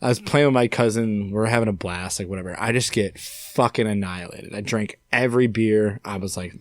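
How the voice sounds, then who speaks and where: A young man from upstate New York, a podcast guest telling a story in a casual, animated way and swearing freely. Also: fairly low pitch, a little fast, no echo. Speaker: podcast guest, singer-songwriter.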